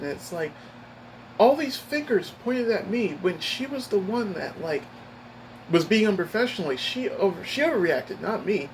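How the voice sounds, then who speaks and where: Male vlogger, higher-pitched voice, aggrieved rambling delivery; faint air conditioning hum. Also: normal speed, low-quality recording. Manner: rambling, upset retelling with many restarts. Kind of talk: casual personal storytelling.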